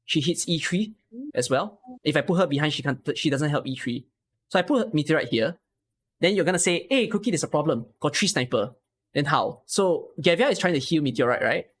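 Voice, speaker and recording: A streamer whose voice sits a little high and lively talks a bit quickly as he coaches a viewer through game tactics. His explanations are patient and laced with frequent rhetorical questions.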